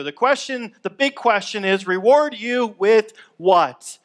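A man's voice: high voice, unhurried, hardly any pauses. A man preaching a sermon in a conversational, upbeat way, acting out everyday complaints to make his point. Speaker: pastor.

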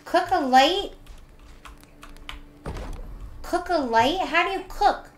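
Bubbly high-voiced woman streamer. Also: animated, a little slow, reverberant. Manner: bubbly and playful, reads chat aloud. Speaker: game streamer. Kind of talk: casual live-stream chat with viewers.

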